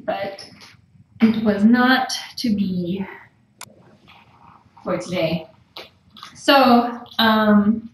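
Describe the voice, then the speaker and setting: A woman's voice: medium pitch, extremely slow, pauses often. A woman cooing and half-whispering to kittens while chatting casually on a live stream. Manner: soft cooing baby talk, often whispered. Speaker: cat rescuer streaming live. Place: room with kittens. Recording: echoey room, far from mic, faint noise.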